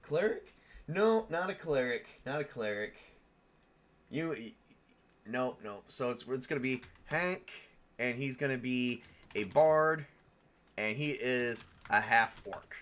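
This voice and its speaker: A man's voice: mid-range voice, lively intonation, takes it slowly, fairly bright tone. A man hosting a casual live stream, building tabletop game characters, rambling and thinking aloud with frequent chuckles and self-corrections. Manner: self-correcting, answers viewer questions.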